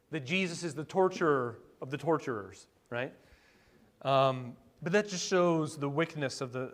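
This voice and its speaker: A male pastor with a fairly high voice preaches a sermon in a conversational style. He throws in rhetorical questions, asides, and fillers, with sudden bursts of excitement.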